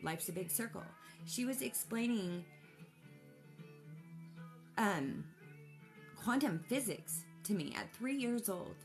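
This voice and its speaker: A woman's voice: mid-range voice, lively intonation, slow pace, pauses often, soft background music. A mother telling a personal story casually, in an emotional, rambling way with many restarts.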